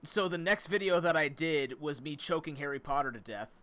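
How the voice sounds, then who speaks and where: A man streaming a video game, talking in a rambling, animated, self-mocking way. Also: on the high side, fairly quick. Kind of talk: casual let's-play commentary.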